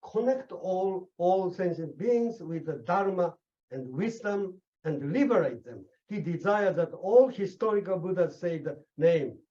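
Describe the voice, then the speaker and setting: A man lectures on a Buddhist text, stressing key words and stopping to ask "okay?" and "see?". His voice is slightly high but mellow. The recording sounds a little dull and lo-fi. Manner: emphatic, repeats "okay?" and "see?" to check understanding. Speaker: Buddhist teacher.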